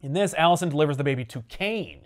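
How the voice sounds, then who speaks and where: A man's voice: a little high, lively intonation, fast talker. A man casually recapping a comic book story, acting out characters' lines as he goes. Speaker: podcast host.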